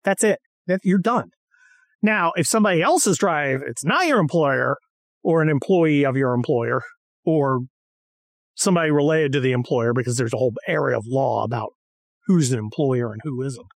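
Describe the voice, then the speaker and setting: A woman in casual, profane chat, animated and mocking. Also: extremely low pitch, normal speed, dry recording, studio quality.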